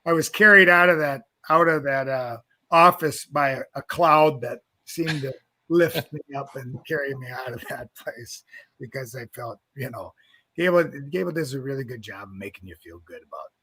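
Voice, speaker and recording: A man's voice: medium pitch, slightly rough, no echo. A middle-aged man, a wrestling coach, casually telling a story and acting out the voices in it, laughing often. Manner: animated storyteller, acts out quotes, laughs often.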